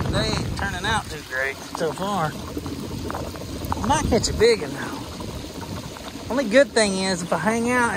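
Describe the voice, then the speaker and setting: A man's voice: sits high, background noise. A man in his late thirties with a Southern US accent, chatting and joking to camera while fishing outdoors on a lake. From Tennessee, United States. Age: late 30s. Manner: chatty, rambling, jokey, laughs nervously. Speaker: fishing vlogger. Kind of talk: casual running commentary to camera. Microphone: action camera. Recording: loud rain on an action camera. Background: heavy rain.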